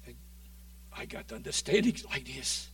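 Preaching with drama, a man with a medium-pitched, expressive voice moves from loud shouts down to near-whispers. His pace is moderate, and a distant mic records him dry, without echo.

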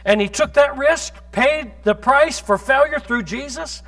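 A male pastor preaching a sermon in church, quoting scripture rapidly and asking the congregation rhetorical questions. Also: very high voice, bright, forceful tone.

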